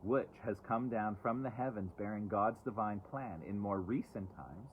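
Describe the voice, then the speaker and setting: A man's voice: lowish voice, normal speed, a little hiss or hum. Chatty man reading oracle cards, tinny audio. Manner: chatty, sarcastic asides, fidgety. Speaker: oracle card reader. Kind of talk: casual live-stream card reading. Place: outdoors, away from home. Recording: tinny phone-like live stream.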